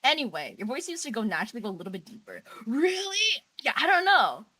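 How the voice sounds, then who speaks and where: A woman's voice: on the high side, sing-song, racing, bright, forceful tone, husky. A woman in her twenties streaming in a casual chat, giggly and slangy with lots of laughter. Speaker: vtuber streamer.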